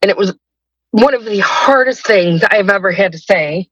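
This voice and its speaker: A woman's voice: medium pitch, normal speed, fairly bright tone, slightly rough, no echo, dull audio. A woman telling her personal story as a guest in a podcast interview, hesitant and rambling, with many restarts.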